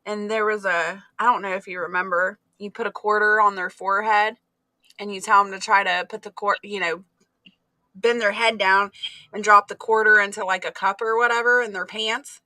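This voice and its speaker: Woman, livestream host, playful joker, bright voice, dry close sound. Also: mid-range voice, fairly even intonation, normal speed, no echo. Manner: playful, joking. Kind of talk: casual livestream chat.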